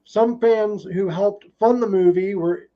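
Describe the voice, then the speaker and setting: A man's voice: high voice, steady tone, a little slow, highs cut off. A man hosting a casual podcast, reading film trivia with many ums. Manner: reads trivia with frequent ums. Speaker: podcast host.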